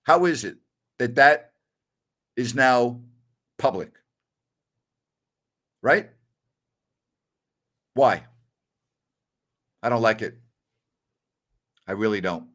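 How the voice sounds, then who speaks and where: A man's voice: mid-range voice, expressive, drawn-out words, long pauses, fairly bright tone. A middle-aged man hosting a sports talk show, blunt and opinionated, telling stories with a laugh. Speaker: sports radio host.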